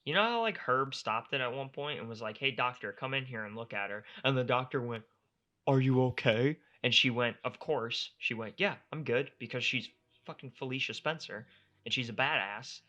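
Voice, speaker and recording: A man's voice: mid-range voice, a little fast, dull audio. A young man co-hosting a casual podcast, ranting in exasperation and swearing freely. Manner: animated, exasperated ranting with profanity. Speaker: podcast co-host. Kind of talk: casual chat.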